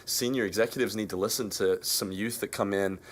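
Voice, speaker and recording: A man's voice: fairly low pitch, fairly even intonation, brisk. A young Australian man, a band member, answering interview questions earnestly with frequent restarts. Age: young adult.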